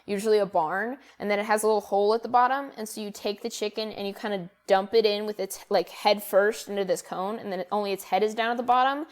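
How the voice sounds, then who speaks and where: A woman's voice: medium pitch, fairly even intonation, quick pace, hardly any pauses. A young woman co-hosting a podcast, chatting casually and rambling with many fillers and restarts. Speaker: podcast co-host. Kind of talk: casual chat.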